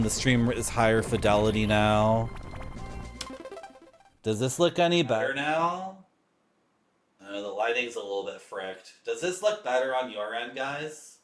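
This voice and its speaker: A young man, chatting in a self-mocking way to his viewers while playing a game at home. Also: lowish voice. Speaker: streamer. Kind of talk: casual gameplay commentary. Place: home streaming room with a game shelf. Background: retro game music.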